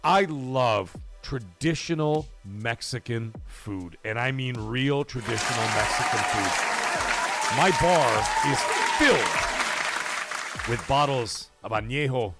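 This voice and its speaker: A middle-aged man hosting a livestream in casual chat, animated and swearing, loudly thanking donors. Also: medium pitch, slow, loud music behind the voice, over a noisy crowd. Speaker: livestream host.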